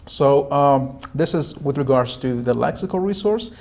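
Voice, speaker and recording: A man giving spoken feedback to a student as a speaking examiner, calm and instructive, with many fillers and restarts. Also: mid-range voice, unhurried.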